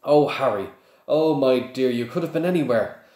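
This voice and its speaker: A man's voice: medium pitch, moderate pace, lightly acted. A man reading aloud and voicing a fussing, motherly middle-aged witch in a raised voice, in an echoey room. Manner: fussing, sharp.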